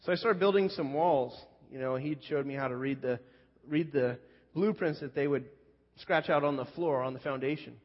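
At normal speed and a pitch on the high side, a pastor shares a personal story in his sermon. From California's Central Coast, he's loose, chatty, and self-deprecating, full of fillers, and the recording is muffled with lengthy hall reverb.

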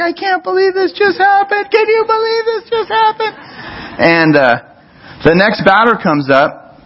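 A man's voice: on the high side, muffled recording. A middle-aged man preaching a sermon as a pastor, talking in a loose, conversational storytelling way with frequent restarts.

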